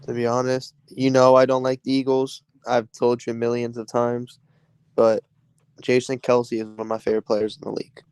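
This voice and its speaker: A man speaks as a casual guest, laid-back with a teasing edge. His voice is smooth and resonant, and it is recorded dry and close. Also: medium pitch, monotone, normal speed, darkish tone, no room sound. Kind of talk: casual chat.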